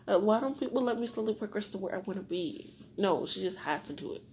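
A young woman hosting a solo podcast, talking to herself and rambling with lots of swearing, dropping to whispers and rising to loud venting. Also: mid-range voice, animated, fast talker, few pauses, dull audio. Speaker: podcast host.

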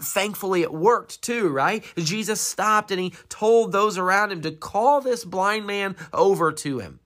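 Animated storytelling preacher. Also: medium pitch, measured pace. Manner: storytelling, rhetorical questions, dramatic emphasis. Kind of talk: sermon.

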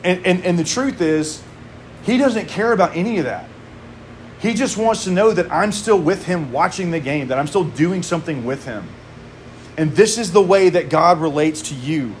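Under a faint hum of air conditioning, a thirtysomething pastor gives a sermon in an easygoing, conversational manner with casual asides mixed in. He has a voice pitched slightly higher than the typical man's.

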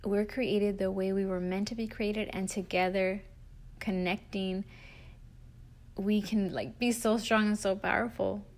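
A woman's voice: mid-range voice, darkish tone. A woman hosting a podcast for moms, talking in an earnest, faith-filled way as she encourages her listeners. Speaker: podcast host, mom coach. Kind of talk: heartfelt encouraging podcast talk.

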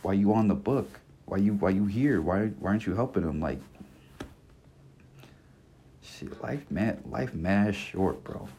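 A man's voice: lowish voice, animated, a little slow, pauses often, dark tone, muffled recording, slight background noise. A man in his twenties giving a blunt, passionate solo podcast rant, full of slang and cursing, circling back and repeating his points. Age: 20s. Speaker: podcast host. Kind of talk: casual monologue rant.

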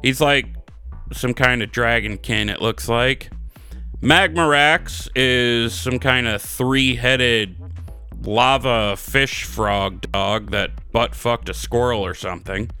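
A man's voice: mid-range voice, slow, sharp tone, clear, resonant tone, soft background music. A man co-hosting a gaming podcast, rambling through a joking, profane recap in casual chat. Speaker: podcast co-host.

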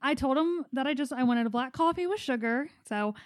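High-voiced chatty young woman. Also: animated, brisk, no room sound, studio quality. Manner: chatty, rambling, giggly. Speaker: podcast co-host. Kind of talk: casual podcast chat.

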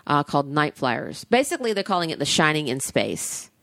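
Gushing, low-voiced woman podcaster. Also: a little fast, vocal fry, dry recording. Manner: gushing, animated, swears freely. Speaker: podcast co-host. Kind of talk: casual chat.

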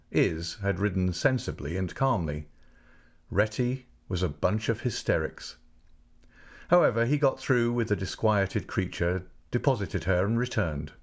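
A man narrating a classic novel as an audiobook, with a measured, unhurried literary delivery. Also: on the low side.

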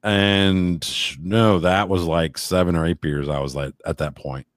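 A man's voice: sits low, steady tone, unhurried, no room sound, studio quality. A man in a casual podcast chat, telling rambling stories with crude jokes. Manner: rambling, crude joking storyteller.

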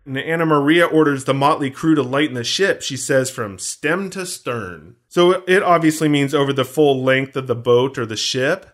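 A man's voice: mid-range voice, a little fast, few pauses. Guy on a podcast, casual film chat, goes on tangents, pokes fun at himself. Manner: jokey, rambling, self-mocking. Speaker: podcast co-host.

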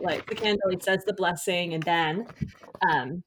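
Low-voiced woman, chatty and enthusiastic. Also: steady tone, unhurried, noisy background. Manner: enthusiastic, rambling, many fillers and restarts. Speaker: podcast host reviewing a picture book. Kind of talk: casual chat.

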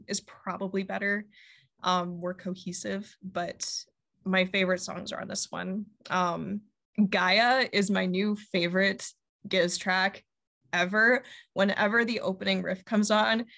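Chatty woman with a gravelly voice. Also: mid-range voice, fairly even intonation, unhurried, a bit bright. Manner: chatty, many ums and likes, laughs often. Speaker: podcast co-host. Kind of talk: casual music review chat.

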